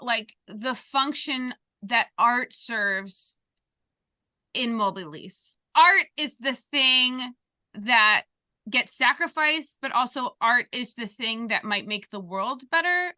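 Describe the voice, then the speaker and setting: A woman's voice: fairly high pitch, animated, slow, bright, forceful tone, dry recording, studio quality. A woman co-hosting a podcast over a video call, asking curious questions with frequent fillers. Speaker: podcast co-host. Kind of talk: casual podcast discussion.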